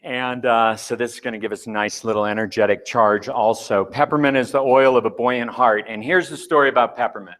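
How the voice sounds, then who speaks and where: A man's voice: medium pitch, steady tone, fairly quick, few pauses, fairly bright tone. A middle-aged man giving a playful, candid talk to a live conference audience, joking at his own expense. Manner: playful, candid, self-mocking. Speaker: conference speaker.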